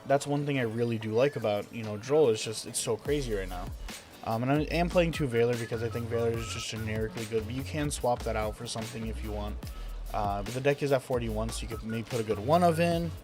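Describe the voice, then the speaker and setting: A man's voice: medium pitch, fast talker, music in the background. A young man casually talking through a card game deck, enthusiastic and rambling with lots of fillers. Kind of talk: casual deck profile commentary.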